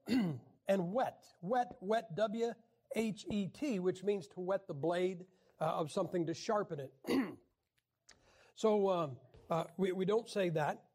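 Man, high voice, wry Bible teacher; lectures with jokes, clears throat a lot. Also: normal speed, darkish tone. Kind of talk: joking classroom lecture.

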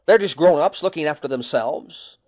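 A man's voice: on the high side, animated, moderate pace, a little mellow. Emphatic preacher man with a drawl. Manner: emphatic, rhetorical questions, quotes scripture in old-fashioned wording. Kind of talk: sermon.

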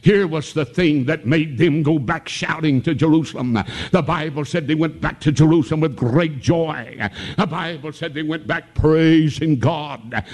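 Speaking at a moderate pace in a high-leaning voice, an elderly North Carolina mountain man with an Appalachian accent preaches revival, his homespun stories rising to shouts of praise.

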